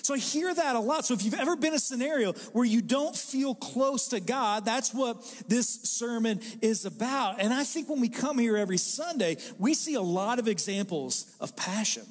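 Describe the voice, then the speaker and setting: A man's voice: extremely high pitch, normal speed, hardly any pauses, in a large hall. A pastor in his forties preaching a sermon to a live congregation in a conversational, joking way. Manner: conversational and joking, with animated impressions. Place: church hall with a live congregation.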